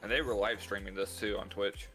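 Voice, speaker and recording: A lower-voiced man with a Southern US drawl chats casually, keeping his remarks short and dry. Soft music plays in the background. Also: fairly even intonation, brisk. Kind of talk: casual chat.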